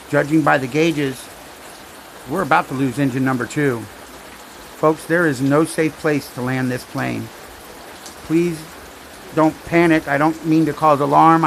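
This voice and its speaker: A man telling a joke as a calm, grim airline pilot. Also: mid-range voice, creaky, a little hiss or hum, lightly acted, low-quality recording. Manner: measured, apologetic announcement.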